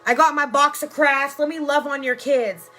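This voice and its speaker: A woman's voice: sits high, fairly even intonation, moderate pace, sharp tone. Brash, blunt neighbor lady, a woman voicing her. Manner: blunt, profane.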